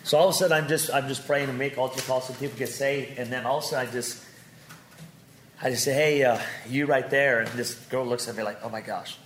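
A man preaching with comic storytelling, animated and joking, swinging from loud to quiet. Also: medium pitch, quick pace, a little hiss or hum.

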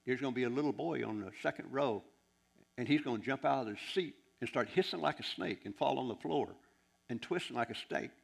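A man puts on a folksy older prophet from the Arkansas Ozarks, talking in a blunt, teasing twang. His voice sits at a middling pitch and carries a gravelly edge. It comes across as plainspoken and sure of itself. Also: fairly quick. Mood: matter-of-fact.

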